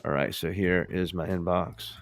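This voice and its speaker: A man's voice: low voice, fairly even intonation, moderate pace, soft background music. A male podcast host in a casual, playful demo chat, joking and talking to the viewers as folks.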